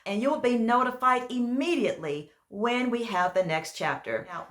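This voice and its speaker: Female author-narrator, earnest and measured, medium pitch. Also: a bit bright. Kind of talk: book reading narration.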